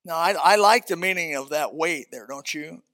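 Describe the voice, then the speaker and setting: A man preaching a sermon as pastor, animated and folksy, swinging from loud emphasis to quiet asides. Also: fairly high pitch, moderate pace.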